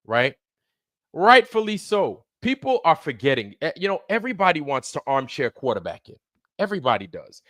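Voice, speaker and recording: A man with a fairly high-pitched voice rants on his livestream, fired-up and profane, hammering each point with repeats. The sound is dry and close, with no room around him. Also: a bit bright, dry recording. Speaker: livestream host. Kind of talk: heated ranting commentary.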